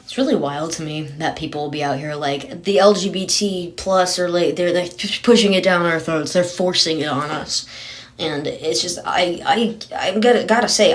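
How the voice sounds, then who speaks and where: A man telling a casual storytime rant in an exasperated way, acting out the people he quotes in lively voices. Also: fairly high pitch. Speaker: TikTok storyteller.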